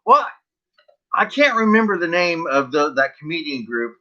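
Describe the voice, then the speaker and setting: A man's voice: fairly high pitch, big pitch swings, moderate pace, bright, forceful tone. A man hosting a casual live stream chat, blunt and rambling, with frequent chuckles. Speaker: livestream host. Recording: dull lo-fi stream audio.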